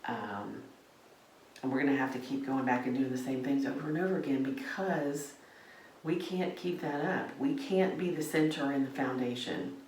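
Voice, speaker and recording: A middle-aged woman with a low voice hosts a relaxed faith vlog. She talks gently and wanders from thought to thought, with lots of fillers. She is recorded from a distance in a roomy space, with faint ambience behind her. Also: moderate pace, slight background noise. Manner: gentle, meandering talk with many fillers. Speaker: vlog host. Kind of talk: casual faith vlog while gardening.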